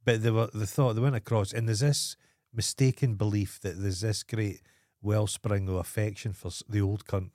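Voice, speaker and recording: A man's voice: lowish voice, steady tone, moderate pace, dark tone, no echo, clean studio sound. A Scottish man co-hosting a podcast, trading wry, sweary banter in casual chat. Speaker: podcast co-host.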